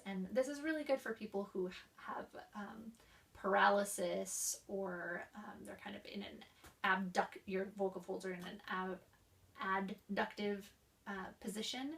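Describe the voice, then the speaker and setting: Recorded far from the mic, this young female student has a medium-pitched, creaky voice. She presents voice therapy exercises to her class, showing each one through coughing, sighing, or slowed-down speech.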